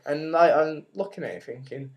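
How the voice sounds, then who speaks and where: A man's voice: a little high, moderate pace. A young man, co-hosting a casual podcast on a webcam mic, telling a long rambling story full of "like" and the odd swear. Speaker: podcast co-host. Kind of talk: casual chat. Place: home, recorded on webcam. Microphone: webcam microphone.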